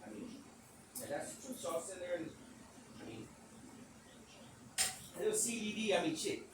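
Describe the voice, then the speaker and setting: A man hosting a podcast, telling a rambling, animated story in speech, swearing casually and acting out the quotes. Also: high voice, a little fast, distant mic. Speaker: podcast host. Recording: echoey room, off-mic, background noise.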